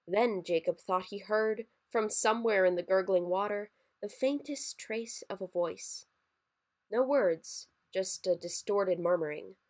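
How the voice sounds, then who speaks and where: A woman narrating a dark holiday short story in a measured, expressive reading. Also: mid-range voice.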